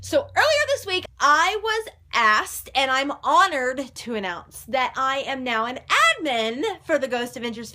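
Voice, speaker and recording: Bright high-voiced bubbly woman vlogger. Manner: loud and bubbly, swears playfully. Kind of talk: casual chat to camera.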